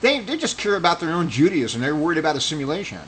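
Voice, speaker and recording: A man's voice: on the high side, very animated, quick pace, fairly bright tone, poor audio. Heated argumentative man with faint noise. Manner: rambling with restarts. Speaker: religious commentator. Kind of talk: casual monologue.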